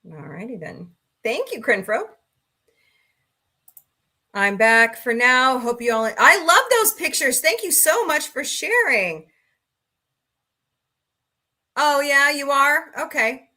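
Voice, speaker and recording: A woman's voice: high voice, expressive, slow, pauses often, bright, forceful tone. A middle-aged woman hosting a casual livestream talk show, chatting and greeting viewers by name with a sarcastic streak.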